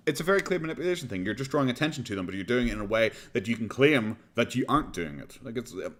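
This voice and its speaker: Animated sarcastic Irish streamer. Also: male voice, medium pitch, racing, hardly any pauses. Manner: animated, sarcastic, swears freely. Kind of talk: casual reaction stream commentary.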